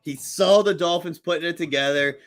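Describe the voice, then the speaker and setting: A man's voice: fairly high pitch, a little fast. A man co-hosting a casual sports podcast, brash and profane, joking with his friends. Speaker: podcast co-host.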